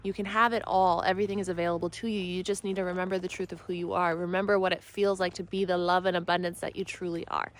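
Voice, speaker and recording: A woman spiritual mentor talking in a soft, rambling, earnest way for her vlog, filming herself on a phone at arm's length while riding outdoors. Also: on the low side, level tone, fast talker, hardly any pauses, poor audio. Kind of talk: casual self-help vlog talk. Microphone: phone held at arm's length.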